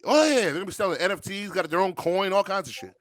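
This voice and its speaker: Animated high-voiced man ranting jokingly. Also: fast. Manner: animated, profane, joking rants. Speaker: show host. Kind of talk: casual podcast banter.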